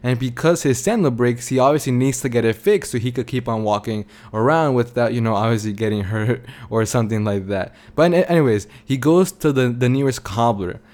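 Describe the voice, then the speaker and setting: A young man hosting his own podcast, telling a story in a loose, rambling way. He fills his sentences with casual fillers and restarts, at a middle pitch for a man. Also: fairly quick, few pauses, darkish tone. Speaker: podcast host.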